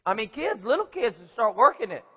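A man's voice: high voice, sing-song, fairly quick, husky. A man preaching a sermon in a folksy storytelling way, acting out little scenes and voices. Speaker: pastor. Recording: echoey hall, dull lo-fi sound.

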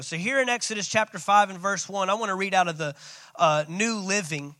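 A man's voice: high voice, moderate pace, pushed and bright, dry recording. A man preaching a sermon as pastor, calling out to his congregation. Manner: preaching with call-outs.

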